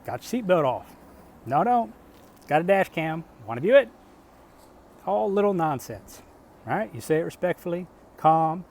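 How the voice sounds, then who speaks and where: A slightly high, somewhat mellow male voice moves at a moderate pace with a sing-song lilt and long pauses. The speaker, a middle-aged vlogger, rambles through a casual storytelling monologue in a blunt, profane, conversational way, asking rhetorical questions along the way.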